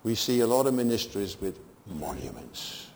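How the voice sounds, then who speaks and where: Older preacher man, mellow voice in a hall. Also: on the low side, normal speed, a little hiss or hum. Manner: animated, rising to emphatic peaks and dropping to quiet asides. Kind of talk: sermon.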